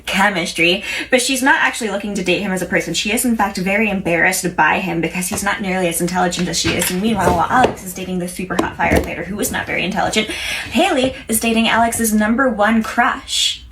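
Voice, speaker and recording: Talking quickly at medium pitch, a young woman recaps TV episodes to camera with the hiccups, rambling, opinionated and frequently starting over. She's a pop culture commentator, and there's background noise behind her.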